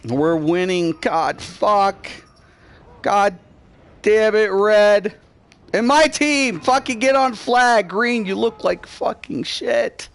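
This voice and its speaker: A man's voice: high voice, slow pace, creaky. A man hosting a gaming channel, giving live gameplay commentary and swearing constantly at his teammates. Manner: shouting in rage.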